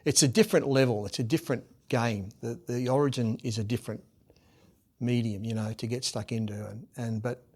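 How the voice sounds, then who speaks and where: Animated Australian man spinning yarns. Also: medium pitch, a little fast. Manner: lively anecdotes, acts out quoted voices loudly. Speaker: guest, former rugby league captain and coach. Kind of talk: animated storytelling in a podcast interview.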